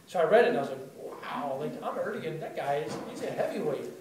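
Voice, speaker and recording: A man telling stories to a live audience in a chatty, animated way, full of fillers. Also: on the high side, very fast, distant mic, a crowd in the background. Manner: animated, chatty, heavy use of "like". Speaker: storyteller at a spoken-word event. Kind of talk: live storytelling talk. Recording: very echoey room taped from afar.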